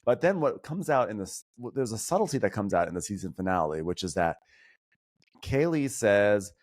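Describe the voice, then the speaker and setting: A man guesting on a podcast, chatting about reality TV in an animated, opinionated way and mimicking people he quotes. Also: on the low side, normal speed. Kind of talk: casual pop-culture chat.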